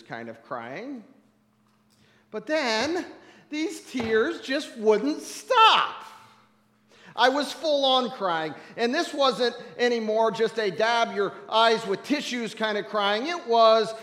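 Preacher, male, high voice, emotive storytelling, reverberant hall. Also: animated, slow. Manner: emotive, swings from hushed to loud. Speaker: pastor. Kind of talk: storytelling sermon. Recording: echoey hall, mic at a distance.

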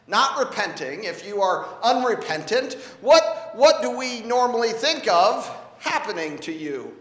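A man's voice: high voice, sharp tone. A man preaching a sermon in a conversational way, asking rhetorical questions and shifting his emphasis, in a church sanctuary. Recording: echoey hall with long reverb.

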